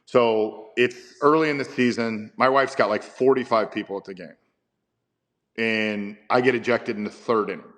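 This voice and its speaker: A man's voice: fairly low pitch, fairly even intonation, normal speed, a bit bright. A man in his fifties, a baseball manager, telling stories in a casual interview with rambling, stammering restarts and chuckles.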